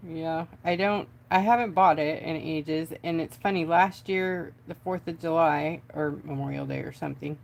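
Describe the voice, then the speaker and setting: A woman's voice: low-pitched, steady tone, normal speed, gravelly, few pauses. A chatty woman, hosting a casual craft livestream from home and talking to her viewers as she works. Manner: chatty, giggly, talks to viewers.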